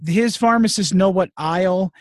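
A podcast host in casual chat, telling animated, profane stories. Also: male voice, high-pitched, moderate pace, no echo, studio quality.

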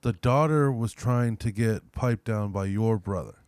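A man's voice: lowish voice, a little mellow, smooth, dry recording. A man in casual chat, blunt and swearing often. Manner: quick, blunt, swears a lot.

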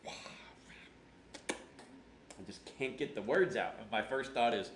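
A man's voice: medium pitch, expressive, takes it slowly, pauses often. A man preaching a conversational sermon, telling stories with self-deprecating humor and acting out his own past words. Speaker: pastor. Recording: roomy echo with faint background hum.

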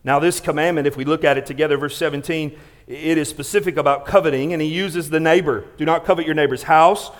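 A male pastor preaching a sermon in a church sanctuary. He preaches with emphasis, repeats and restarts words, and swings between loud stressed lines and quiet, hushed ones. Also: fairly high pitch, fairly even intonation, fast talker.

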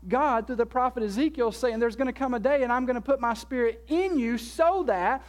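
A pastor preaching a sermon, stressing key words by slowing down and repeating them, asking the congregation questions and answering them. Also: mid-range voice.

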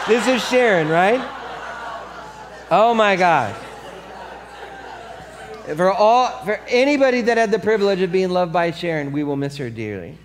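Animated male pastor, slightly high voice. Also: normal speed, pauses often, crowd noise, noisy background. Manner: animated storytelling, acts out voices; drops to soft earnest tone for the appeal. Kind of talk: sermon.

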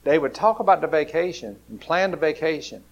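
A man's voice: fairly high pitch, lively intonation, fairly quick, muffled recording. Man preaching a sermon. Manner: storytelling, swings from loud to hushed, acts out voices.

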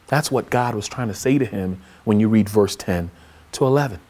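A man preaching a sermon for a podcast, retelling a story in an animated way and acting out the voices he quotes. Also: fairly low pitch, moderate pace. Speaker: pastor.

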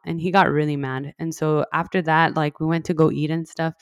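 A young woman from West Texas, USA, casually tells her own story, chatting away with heavy use of "like" and acting out what other people said. Her voice is low and smooth with fairly even intonation at a normal speed, recorded clean in a studio with no room sound.

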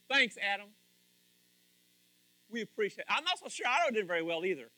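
Lively, bright-voiced preaching man. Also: high voice, brisk, long pauses, no room sound. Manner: playful, speaks directly to the congregation by name. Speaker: pastor. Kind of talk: sermon. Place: church before a congregation.

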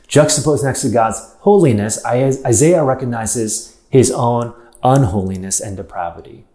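A man's voice: mid-range voice, warm tone. Preaching man in an echoey room. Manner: emphatic repetition, rhetorical questions. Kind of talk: sermon.

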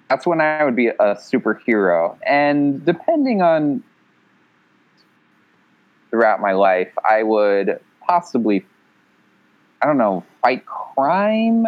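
A man chatting casually over a remote call, playful and quick to laugh. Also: medium pitch, muffled recording. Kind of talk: casual chat. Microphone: remote call line.

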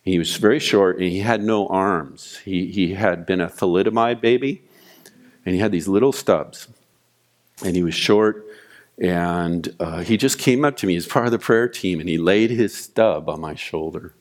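A man preaching a sermon as pastor, retelling scripture and a personal story with animated storytelling. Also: deep voice, moderate pace. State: weeping, choked voice in retold prayer.

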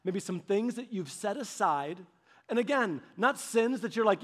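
A woman giving devotional teaching on fasting in a conversational, animated storytelling manner. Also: mid-range voice. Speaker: church leader.

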